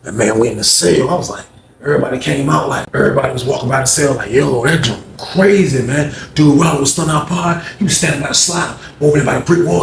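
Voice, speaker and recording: A man animatedly telling a story, acting out other people's voices in loud, high bursts. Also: fast, gravelly. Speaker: storyteller recounting jail events. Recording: echoey room with faint background noise.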